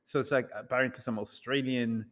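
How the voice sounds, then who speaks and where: A man telling a rambling, animated story to an audience in a casual talk, acting out bits of dialogue. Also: mid-range voice, brisk, big-room sound. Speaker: speaker addressing an audience.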